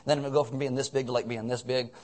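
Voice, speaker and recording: A mid-range, darkish male voice moves quickly with little pitch movement. Leading a service while drowsy on cold medicine, the pastor wanders through his announcements with jokes and self-mockery in a loose, casual sermon.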